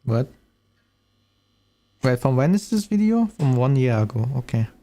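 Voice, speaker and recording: A man's voice: medium pitch, very animated, measured pace, dark tone, soft background music. Chatty streamer man reacting to a video. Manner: chatty, thinks aloud, laughs often. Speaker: VTuber streamer. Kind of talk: casual reaction commentary.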